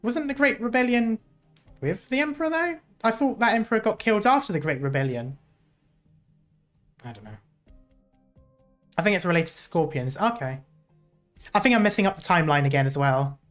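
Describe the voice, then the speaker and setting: A streamer chatting casually while playing a story game, jokey and quick to correct themself. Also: mid-range voice, animated, soft background music. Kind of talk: casual gameplay commentary.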